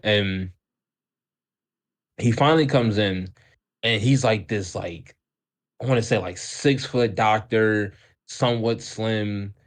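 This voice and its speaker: A man's voice: fairly low pitch, slow, pauses often. A man co-hosting a podcast, casually telling a childhood story in a rambling way with lots of restarts. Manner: rambling, many restarts and fillers, laughs often. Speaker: podcast co-host.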